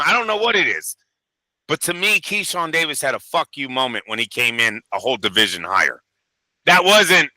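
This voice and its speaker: A man co-hosting a boxing news show in casual, profane chat, animated and acting out quotes. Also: medium pitch, a little fast, dry recording, rough recording. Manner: animated, swears a lot, acts out quotes.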